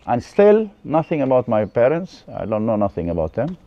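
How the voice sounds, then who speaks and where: A man with an Arabic accent, a guest telling his life story in halting English with many restarts. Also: medium pitch, huge pitch swings, no room sound, lo-fi sound. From West Bank. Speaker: interview guest.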